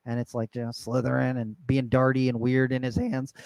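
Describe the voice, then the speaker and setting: A man co-hosting a podcast in casual chat, an animated storyteller who acts out the people in his stories. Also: mid-range voice, brisk, gravelly, dry recording. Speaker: podcast co-host.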